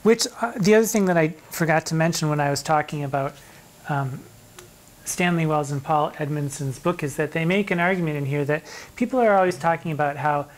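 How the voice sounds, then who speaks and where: A middle-aged drag performer giving a theatrical, mock-indignant commentary on sonnets, reading the verse slowly between asides. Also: mid-range voice, rough recording. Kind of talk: animated poetry commentary.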